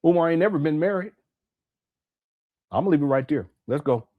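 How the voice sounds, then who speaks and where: A man from Southern California with a fairly high voice hosts a reaction commentary. He talks candidly and with animation, often restarting his sentences, in a dry, close recording. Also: no echo, narrow, tinny audio. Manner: candid and animated, with frequent restarts and quick asides. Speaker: commentator and channel host.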